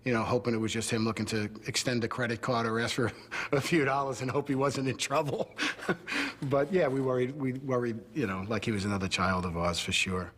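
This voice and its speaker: A man's voice: medium pitch, a little fast, fairly bright tone. A man reflectively recounting memories in an interview. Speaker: interviewee, family friend. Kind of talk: casual recollection. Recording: interview with music behind.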